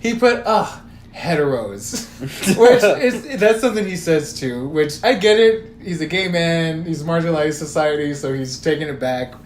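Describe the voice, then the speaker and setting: A man's voice: a little high, animated, moderate pace. A young man, a podcast co-host, casually telling a story with lots of swearing and quoted text messages. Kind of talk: casual chat. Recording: roomy echo, faint room noise.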